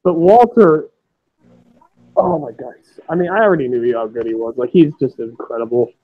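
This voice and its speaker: A young man hosting a casual wrestling podcast chat, talking in quick excited bursts and swearing freely. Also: medium pitch. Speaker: podcast host. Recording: dull lo-fi podcast audio.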